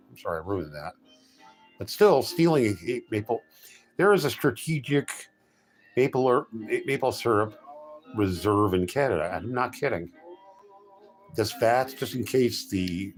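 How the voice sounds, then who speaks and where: Low-voiced rambling man, lively pitch. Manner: joking, storytelling, with frequent restarts and self-corrections. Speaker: live streamer chatting with viewers. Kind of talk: casual rambling chat.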